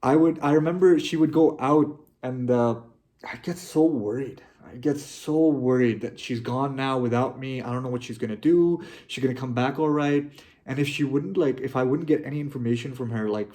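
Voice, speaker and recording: A young man talking to his viewers, heartfelt and halting, often restarting his sentences. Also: mid-range voice, mellow. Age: young adult. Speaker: vlogger. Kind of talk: personal reflective monologue.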